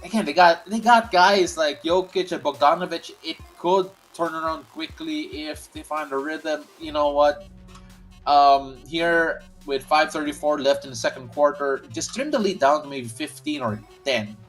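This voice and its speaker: Soft music plays in the background as a man with a fairly high voice, speaking at normal speed, hosts a live basketball watch-along. Chatty and prone to restarts, he narrates the game casually and reads out comments from his viewers.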